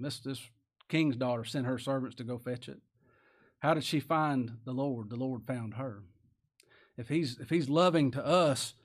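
A man preaching a sermon in a folksy, plain-spoken way, often asking his listeners questions and raising his voice to loud cries for emphasis. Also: mid-range voice.

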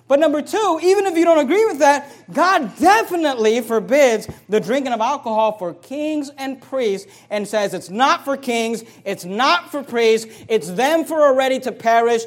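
A man preaching a fiery sermon, reading scripture slowly and swinging between loud bursts and low asides. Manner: reads scripture slowly with emphasis. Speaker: pastor.

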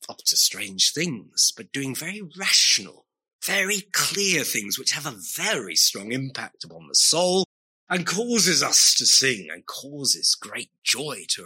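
Male preacher, emphatic sermon delivery, sharp forceful tone, husky edge. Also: medium pitch. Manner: earnest, emphatic, with wry asides and repetition for stress.

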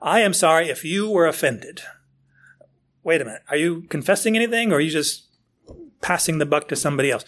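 A man's voice: fairly high pitch, a little fast, a bit bright. A man preaching a conversational verse-by-verse sermon, full of rhetorical questions and acted-out asides. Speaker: pastor. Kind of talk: expository sermon.

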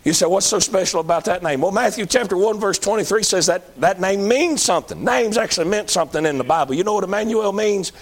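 A man's voice: sits high, fast, hardly any pauses. A man preaching a sermon in a folksy, emphatic manner.

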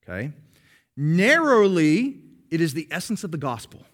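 Emphatic high-voiced male preacher. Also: expressive, husky. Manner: emphatic, slows down to stress key phrases; explains patiently to a congregation. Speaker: pastor. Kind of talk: sermon.

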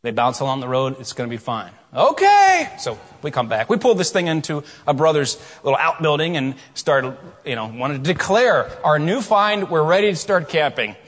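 Animated preacher in a reverberant hall. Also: male voice, fairly high pitch, fairly quick. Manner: storytelling, animated, shifts from quiet asides to loud questions. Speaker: pastor. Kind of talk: sermon.

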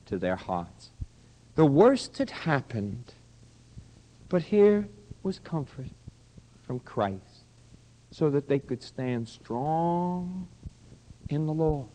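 An older pastor preaches with a high voice that leaps up and down in pitch. He slips from soft, hushed lines into loud, driving ones and keeps asking his listeners questions. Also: rough recording. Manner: asks the congregation questions. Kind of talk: sermon.

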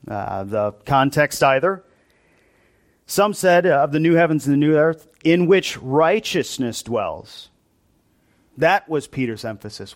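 A male pastor delivers a sermon in a church, teaching through the verses in an easygoing, conversational way. He keeps asking the congregation questions, then answers them himself. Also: medium pitch.

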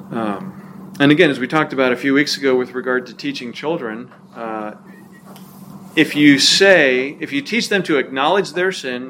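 A man teaching a church class in a relaxed, conversational way, with frequent fillers and restarts. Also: mid-range voice, a little hiss or hum. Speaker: pastor or teacher.

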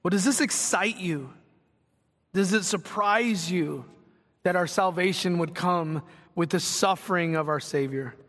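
A man preaching a sermon as pastor, talking in a conversational way with quick asides. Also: high-pitched, a bit bright, in a large hall.

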